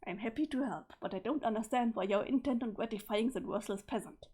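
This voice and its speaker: A woman's voice: on the high side, fast talker, warm tone, husky. A woman voicing a stiff, sweaty, formal male alien troll, in a pompous and stilted manner. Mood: haughty.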